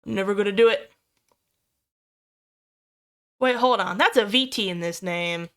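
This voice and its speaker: A young adult woman streamer chatting casually with viewers, excitable, swearing freely and squealing over cute things. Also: medium pitch, measured pace. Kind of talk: casual livestream chat with viewers.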